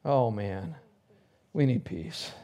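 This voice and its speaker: A middle-aged man preaching a sermon, with fervent bursts that drop into soft, low prayer. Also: expressive, takes it slowly. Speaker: pastor.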